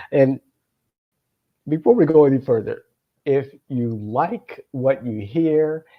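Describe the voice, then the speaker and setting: A middle-aged man hosting a show, telling a personal story to the camera in a meandering way, with many filler sounds and chuckling asides. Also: a little high. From Florida, United States. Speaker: political consultant and show host. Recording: dull lo-fi sound.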